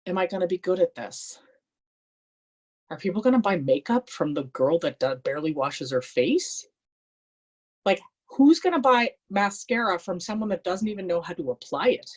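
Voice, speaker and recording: Woman telling a lively personal story. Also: fairly low pitch, moderate pace, husky. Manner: animated, acts out quoted voices. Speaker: motivational speaker.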